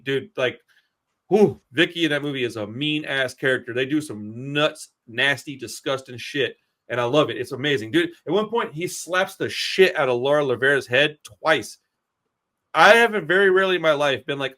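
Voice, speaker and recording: A man in a casual film review chat, talking in an excitable, profane, slangy way. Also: on the high side, normal speed. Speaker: podcast co-host.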